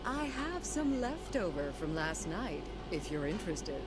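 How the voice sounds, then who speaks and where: An actress voicing a chatty, friendly woman shopkeeper in a game, explaining things brightly. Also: lowish voice, sing-song, unhurried, very noisy. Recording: game audio over loud music.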